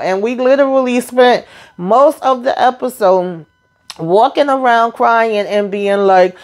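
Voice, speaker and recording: A woman's voice: on the high side, measured pace, darkish tone. Sassy, chatty woman recapping TV. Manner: chatty and slangy, sassy asides to viewers. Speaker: TV recap YouTuber. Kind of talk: casual reality TV recap.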